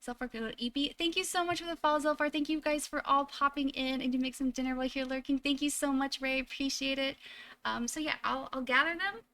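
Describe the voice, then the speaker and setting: A woman's voice: high-pitched, fairly even intonation, fast talker, sharp tone. A woman live streamer from home, chatting casually with viewers in a chatty way full of fillers and restarts.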